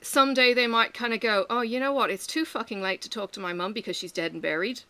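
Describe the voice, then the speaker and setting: A woman's voice: on the high side, fast, bright, forceful tone, no echo. A middle-aged woman chatting candidly and rambling as she works, swearing freely. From Australia. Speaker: vlogger. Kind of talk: casual chat while working.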